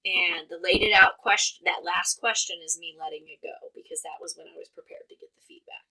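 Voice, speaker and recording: A woman's voice: lowish voice, fairly even intonation, fairly quick, sharp tone, poor audio. A woman, a mother co-hosting a podcast, explaining communication tips casually while thinking aloud with fillers. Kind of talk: casual advice chat.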